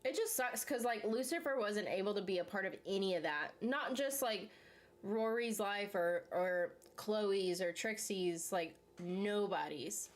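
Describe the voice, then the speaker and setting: A woman's voice: mid-range voice, lively intonation, a little slow. A young woman hosting a casual chat, rambling and filler-heavy, full of "like" and laughs. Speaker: channel host. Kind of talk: casual chat reacting to a series while eating.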